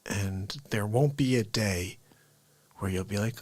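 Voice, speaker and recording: A man hosting a live stream, chatting upbeat and greeting viewers by name, sometimes dropping to soft, low asides. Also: slow pace, no echo. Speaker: livestream host. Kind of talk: casual live-stream chat.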